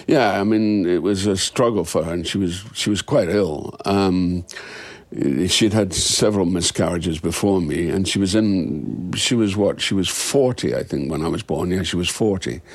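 A man, an actor, talking frankly and reflectively in an interview, now and then with a soft laugh. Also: deep voice, moderate pace. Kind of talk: candid interview conversation.

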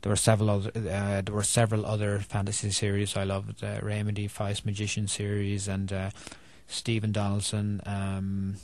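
An Irish man, a children's author, chatting in an interview, self-deprecating and quick to laugh. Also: on the low side, monotone, darkish tone. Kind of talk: casual interview chat.

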